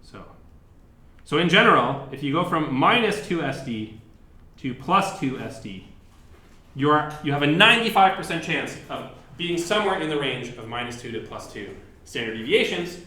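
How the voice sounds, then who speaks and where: A man's voice: on the high side, sing-song, normal speed, pushed and bright. A man who is a professor gives a university lecture in a casual, chatty way, with lots of fillers and restarts. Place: lecture hall. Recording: echoey lecture room.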